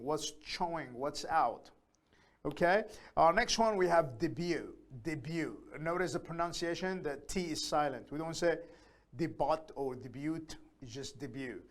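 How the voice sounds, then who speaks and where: A man teaching a beginners' English lesson, speaking slowly and deliberately, repeating key phrases with many pauses and fillers. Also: on the high side, lively intonation. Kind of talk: live online English lesson.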